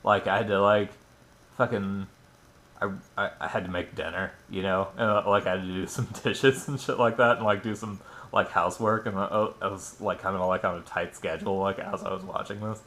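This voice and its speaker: A movie reviewer rambles through a casual film review, filling it with "like," "you know" and plenty of swearing. His deep voice is brisk, fairly bright and fairly even in intonation, with a little hiss or hum.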